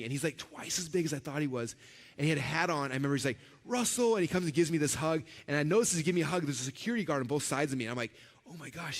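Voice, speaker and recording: A man giving a storytelling keynote at a conference. He talks in an animated way and acts out the voices of the people in his stories. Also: a little high. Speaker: conference speaker. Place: large event hall with a live audience. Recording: reverberant hall recording.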